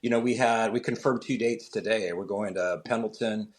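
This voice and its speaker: A man's voice: on the low side, moderate pace. A man who is a comedian, a guest on an interview show, telling stories with energy and acting out the voices of the people in them. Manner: animated, acts out the voices of people in his stories. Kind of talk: storytelling in an interview.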